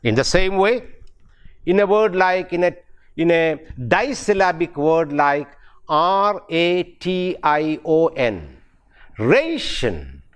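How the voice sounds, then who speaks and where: A middle-aged university English professor with an Indian English accent gives a pronunciation lecture, spelling words letter by letter and repeating key terms. His voice is on the high side, slow, and clean in tone.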